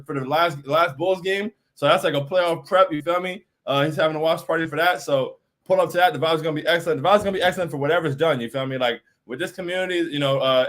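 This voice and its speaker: A man's voice: a little high, fairly bright tone. A man hosting a postgame fan stream, reading chat messages aloud and reacting in a hyped, emphatic voice that repeats lines for effect.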